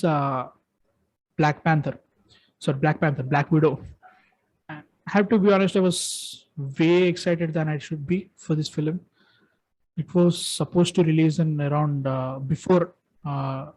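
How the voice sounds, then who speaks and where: A man in casual chat, giving excited, rambling opinions with frequent restarts as he ranks films. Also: fairly high pitch, low-quality recording. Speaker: co-host ranking films.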